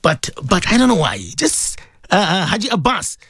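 A middle-aged man hosts a call-in radio show, chatting and rambling and greeting his listeners one by one. His voice sits a little high for a man and swings widely in pitch. The studio sound is close and dry. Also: big pitch swings, normal speed, gravelly, a bit bright, slightly rough, no room sound. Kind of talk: casual call-in radio chat.

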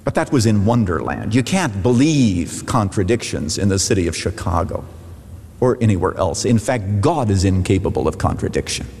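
A middle-aged man, a pastor, preaching a sermon with emphatic rises and falls in pitch. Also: big pitch swings, moderate pace, a little mellow, breathy edge. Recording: long hall reverb.

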